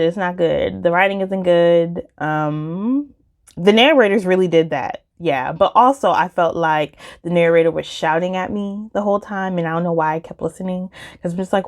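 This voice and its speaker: A woman chatting casually about books she listened to, with lots of fillers and emphatic jumps in pitch. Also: measured pace. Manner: chatty and animated, many fillers like "like" and "um". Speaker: book vlogger. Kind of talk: casual book review chat.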